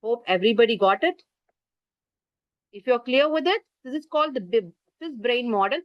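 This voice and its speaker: A woman's voice: fairly high pitch, lively intonation, normal speed, no echo. A woman with an Indian English accent giving an online parenting class over a video call, explaining with gestures and asking listeners to type in the chat. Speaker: parenting workshop speaker. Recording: muffled lo-fi video call audio.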